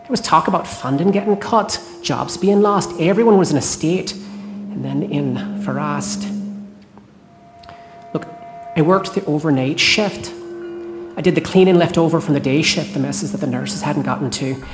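A woman's voice: low voice, natural voice. A woman playing a shaken night cleaner. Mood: tense. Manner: tense, halting, swears. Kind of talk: horror audio drama. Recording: roomy with music score behind.

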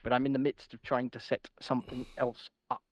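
A man's voice: medium pitch, flat delivery, fairly quick, no echo, highs cut off. A man co-hosting a podcast in casual, jokey banter, swearing freely. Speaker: podcast co-host. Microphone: home podcast mic with noise gate.

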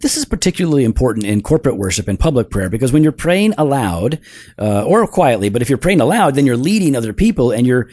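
A man of middle pitch talking through ideas on a podcast, laying out his points one by one and tossing in "right?" to keep his partner along. The sound is close and dry, with little room around it. A dry, teasing humor slips into his explanations. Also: big pitch swings, fast talker, a little mellow, breathy edge, no echo. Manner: teaching, explains step by step with frequent "right?". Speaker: podcast co-host. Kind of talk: casual theological discussion.

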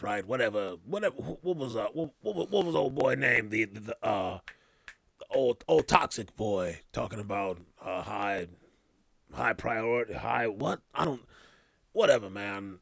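A man's voice: fairly low pitch, expressive, measured pace, gravelly, fairly bright tone, no echo. A man hosting a casual podcast, rambling with loose slang, trailing off and restarting his thoughts. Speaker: podcast host. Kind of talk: casual chat.

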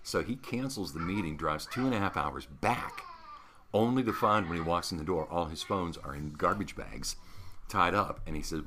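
A man's voice: low-pitched, moderate pace, noisy background. A man in his sixties, a longtime radio host, telling stories in an interview with lots of laughter. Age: 60s. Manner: animated storyteller, laughs through stories. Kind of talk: storytelling interview.

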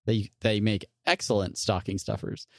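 A man's voice: fairly low pitch, level tone, normal speed, vocal fry, dry recording, studio quality. A man co-hosting a podcast, chatting casually with a laid-back, joking manner and many fillers. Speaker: podcast co-host.

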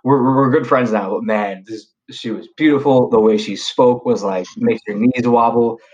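A young man telling a story in a relaxed podcast chat. He talks in a loose, slangy way, full of fillers and quick restarts, and his voice sits at an ordinary middle pitch. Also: highs cut off. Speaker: podcast guest.

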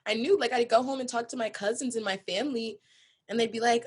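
A woman's voice: fairly high pitch, fast, slightly rough. A young woman co-hosting a podcast, chatting casually and thinking aloud as she talks. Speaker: podcast co-host. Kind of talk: casual chat.

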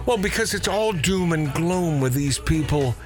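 A man's voice: on the high side, animated, normal speed, darkish tone, soft background music. A man hosting a talk radio show, joking and sarcastic as he chats with his crew.

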